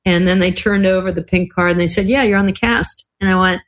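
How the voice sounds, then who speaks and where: A woman's voice: fairly low pitch, fairly even intonation, fast, a little hiss or hum. An older woman, a podcast guest, telling stories in casual talk, acting out the voices she quotes and laughing often. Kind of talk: casual storytelling interview.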